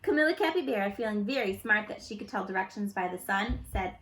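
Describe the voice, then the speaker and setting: A woman reads a children's picture book aloud in a bright, lively voice. Her reading rises and falls expressively, and the room gives it a noticeable echo. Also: mid-range voice, quick pace, hardly any pauses. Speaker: storyteller. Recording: echoey room.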